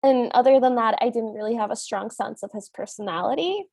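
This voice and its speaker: High-voiced giggly woman podcast co-host. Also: brisk, vocal fry, a little mellow, no room sound, studio quality. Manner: giggly, laughs often while talking. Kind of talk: casual chat recapping a film.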